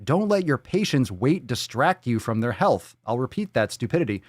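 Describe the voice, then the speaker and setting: A male podcast host ranting on a live stream, profane and mocking throughout. His pitch leaps and dives all over the place, and he swings from loud outbursts to low muttered asides. The sound is close and dry, with no room around it. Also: sing-song, normal speed, dry recording.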